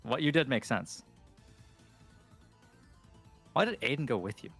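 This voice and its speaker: A young man playing a superhero tabletop game, excitable and cursing often in casual talk. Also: mid-range voice, a little slow, breathy edge, faint music behind. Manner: excitable, swears a lot. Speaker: player.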